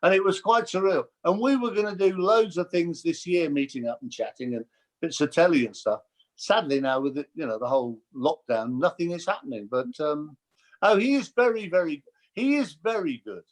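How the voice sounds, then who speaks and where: An older man chatting as a guest, telling lively stories and mimicking voices. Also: on the high side, moderate pace. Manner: animated storyteller, mimics voices. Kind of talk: casual chat.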